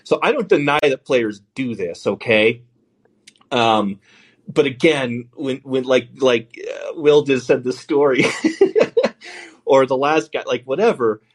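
A middle-aged man hosting a call-in podcast, loose and profane, forever cutting himself off and starting again. His voice sits at a plain, ordinary pitch for a man. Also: slow pace, husky. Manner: loose, profane, self-interrupting. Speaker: podcast host. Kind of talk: casual call-in chat.

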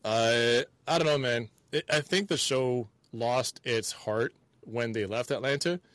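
A man co-hosting a podcast, giving his views in a thoughtful, halting way and repeating words as he thinks. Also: mid-range voice, a bit bright, no room sound. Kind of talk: casual chat.

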